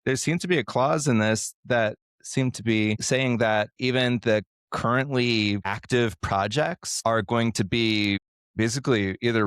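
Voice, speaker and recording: Low-voiced indignant man, dry close mic. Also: a bit bright, clean tone, no echo. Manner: earnest, indignant, reads aloud from articles. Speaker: podcast co-host. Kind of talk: casual podcast discussion.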